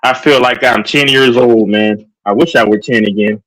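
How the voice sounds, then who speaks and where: A man's voice: mid-range voice, fairly even intonation, normal speed, a bit bright, low-quality recording. A man with a Texan accent, hosting a live stream in hyper, rambling casual chat while on a sugar rush. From Texas. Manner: hyper and rambling, with many fillers.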